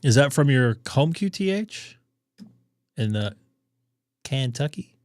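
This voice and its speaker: Hoarse man rambling through a live stream. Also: medium pitch, expressive, takes it slowly, dry recording. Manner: rambling, thinking aloud with fillers. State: hoarse, losing his voice. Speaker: ham radio live streamer. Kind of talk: casual live-stream commentary.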